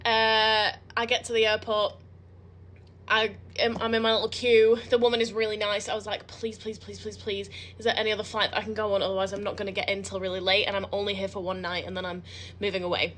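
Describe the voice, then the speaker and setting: A woman's voice: mid-range voice, a bit bright, slight background noise. A young woman vlogging at an airport, chatty and dramatic, laughing through tears as she tells her story. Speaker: vlogger in a played clip. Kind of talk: tearful storytelling to camera. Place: airport, indoors.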